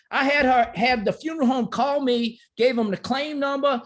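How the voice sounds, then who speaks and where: A man, an insurance agent telling an emotional client story in an emphatic, animated way that keeps checking in with "right?". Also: very high voice, moderate pace, few pauses.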